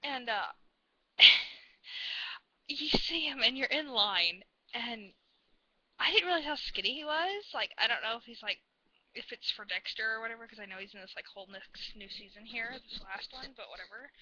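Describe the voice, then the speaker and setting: A woman telling a story in a casual vlog, rambling and gushing like an excited fan. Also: fairly high pitch, moderate pace, no room sound, muffled recording. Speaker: vlogger.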